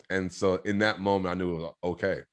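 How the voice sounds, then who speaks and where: Man, very low voice, interview guest, casual storytelling, earnest, lots of fillers and restarts. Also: fairly even intonation, moderate pace. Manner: rambling, many fillers and restarts; reflective, earnest.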